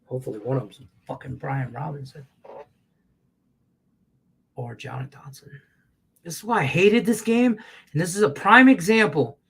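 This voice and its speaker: A man hosting a live betting show, ranting profanely about the game on screen. His voice sits a bit high for a man, and he swings from loud outbursts down to low grumbles. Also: moderate pace, creaky, pauses often, a little hiss or hum. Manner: profane, excitable, rants then mutters low. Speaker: sports betting show host.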